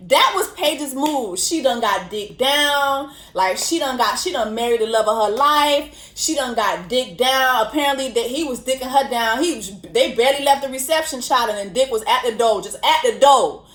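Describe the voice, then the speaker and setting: A young woman hosts a casual commentary vlog. She tells the story in an animated, slangy way and swears freely. Her voice sits fairly high and echoes around a roomy space. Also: normal speed, few pauses. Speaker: host. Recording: roomy echo.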